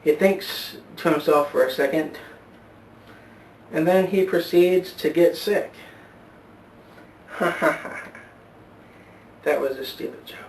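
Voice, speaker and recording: A man vlogging, telling a joke in a halting, rambling way full of fillers and restarts, on a distant camera mic at home. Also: fairly high pitch. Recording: roomy echo, far from mic, faint hiss.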